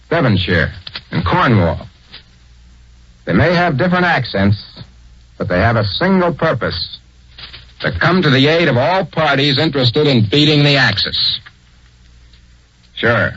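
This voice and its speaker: Male radio narrator, 1940s, explanatory and easygoing; husky, dry, lo-fi. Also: medium pitch, very animated, a little slow, long pauses, bright, forceful tone. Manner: conversational, explanatory. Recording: dull, dry old radio recording.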